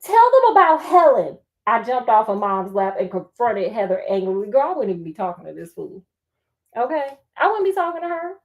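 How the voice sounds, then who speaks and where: Sassy, animated woman storyteller. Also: medium pitch, brisk. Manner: sassy, animated, laughing asides. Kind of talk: book reading with comic commentary.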